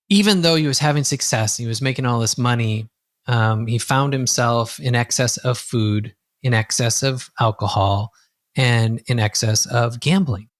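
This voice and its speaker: A man who works as a coach, telling a client's story as a podcast guest and acting out the dialogue with a lively voice. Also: mid-range voice, no room sound, studio quality. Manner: lively, acts out quoted dialogue. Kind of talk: conversational storytelling.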